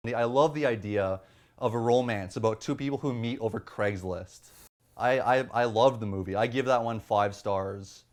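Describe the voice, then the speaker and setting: A man's voice: mid-range voice, moderate pace. A man co-hosting a casual movie review chat, teasing his partner and recommending films with enthusiasm.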